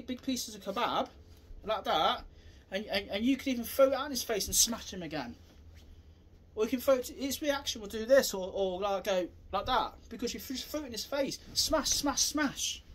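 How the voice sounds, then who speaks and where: A man giving a rambling, repetitive self-defence demonstration, acting out scenes and bursting into shouted sound effects. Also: very high-pitched. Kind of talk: casual demonstration talk.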